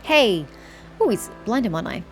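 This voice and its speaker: A woman's voice: fairly high pitch, big pitch swings, normal speed, soft background music. A woman playing a story game, chatting and thinking aloud with casual swearing. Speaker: gamer. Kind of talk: let's play commentary.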